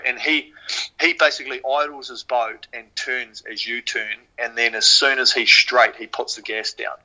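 Bright-voiced New Zealand man telling stories. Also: mid-range voice, normal speed, poor audio. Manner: animated, swears freely, many fillers. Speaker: podcast guest, former rower. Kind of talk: casual storytelling.

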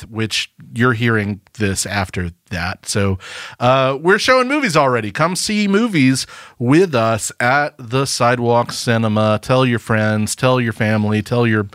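A man co-hosting a podcast, talking in a relaxed way with dry humor and plenty of ums and uhs. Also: mid-range voice, no echo. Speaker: podcast co-host. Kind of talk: casual chat.

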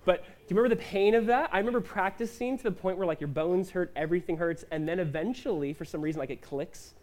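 Man, pastor, sermon, conversational, higher-pitched voice, acts out quotes. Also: a little mellow. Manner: conversational preaching with quick asides and acted-out quotes.

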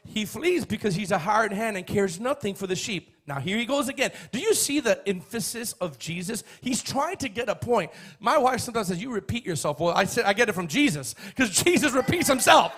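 A man preaching a sermon, emphatic and repetitive, building up to shouts. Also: high voice, lively intonation, a little fast, few pauses, breathy edge. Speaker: pastor.

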